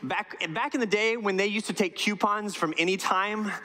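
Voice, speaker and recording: A middle-aged pastor with a high, sharp voice at normal speed preaches a conversational sermon. He tells stories and asks the congregation questions, and his words carry long reverb through the church sanctuary.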